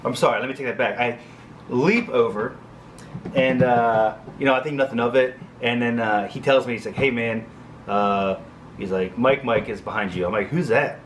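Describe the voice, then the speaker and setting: A man in his thirties recounts a story from his time as an Air Force crew chief, rambling through it with fillers and joking asides. His voice sits at an ordinary middle pitch. A faint hum of background noise runs under the recording. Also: steady tone, moderate pace. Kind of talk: casual storytelling vlog.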